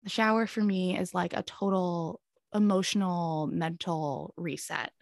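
A woman's voice: lowish voice, steady tone, measured pace, gravelly, no room sound, clean studio sound. A woman in her thirties, a podcast guest, telling a candid personal story in an earnest, rambling way, often breaking into nervous laughter.

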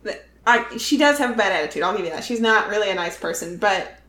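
A woman's voice: mid-range voice, expressive, fast, fairly bright tone, echoey room. A woman in a casual chat who hesitates and restarts as she makes her points. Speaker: podcast co-host.

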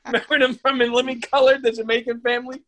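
A man's voice: very high voice, level tone, brisk, fairly bright tone. A man co-hosting a podcast in casual chat, loose, joking and profane. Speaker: podcast co-host.

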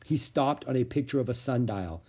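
A man narrating a children's book aloud with clear, expressive storytelling. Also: medium pitch, brisk. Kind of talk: audiobook reading of a children's book.

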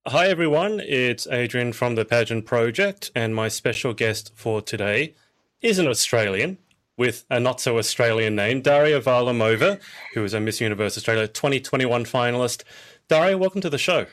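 A man's voice: mid-range voice, lively intonation, moderate pace, fairly bright tone. A man with a mid-range voice hosting a podcast interview. He asks curious, friendly questions in an easy, casual way. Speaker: podcast host.

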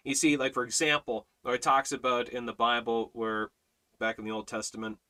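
A man leading a Bible study, preaching emphatically with repeated exhortations and swings between loud and quiet. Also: medium pitch, little pitch movement, brisk. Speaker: Bible teacher.

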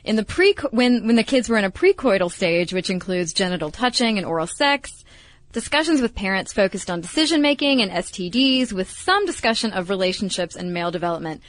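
A woman co-hosting a podcast, chatting and going over study findings in an even way. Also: mid-range voice, a little fast, no room sound. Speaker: podcast co-host. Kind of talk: casual chat.

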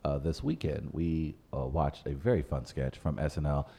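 A man hosting a podcast in casual chat, animated, with his voice jumping up when he jokes or protests. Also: moderate pace, gravelly, husky. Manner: animated, jumps high when indignant or joking. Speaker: podcast host.

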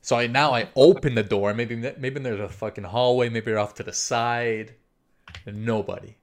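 A man's voice: mid-range voice, fairly even intonation, normal speed. A young man casually telling a story, rambling with lots of fillers, swearing freely and acting out his own inner thoughts.

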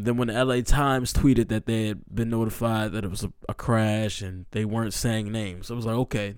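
A man in his twenties tells a personal story in an earnest, emotional way. He restarts often and leans on slang and fillers. His voice sits a little low and stays smooth and clear. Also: a little mellow, dry recording, studio quality. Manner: rambling, filler-heavy, slangy with "bro" and "like".

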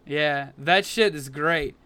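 A man co-hosting a casual podcast, swearing freely and telling animated stories. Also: on the high side, slow, clear, resonant tone, no echo. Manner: profane, animated storytelling. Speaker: podcast co-host. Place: Las Vegas.

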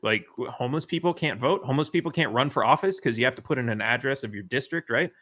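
A man talks politics in a loose, rambling way, stacking "like" and "um" and swearing freely. His voice is bright and forceful, at an ordinary middle pitch for a man. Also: fast. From United States. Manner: rambling, profane, full of fillers and restarts. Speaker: podcast host. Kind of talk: casual political chat.

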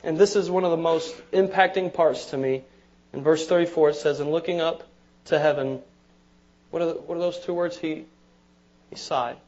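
Man, pastor, conversational sermon, high voice, repeats words, asks amen, dull lo-fi recording. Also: fairly even intonation, fairly quick, a little mellow.

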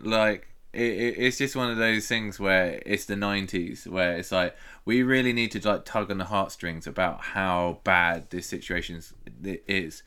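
Deep, bright-voiced man recapping a movie. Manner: rambling, swears freely, leads the plot recap. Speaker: podcast co-host. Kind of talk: casual movie-review banter.

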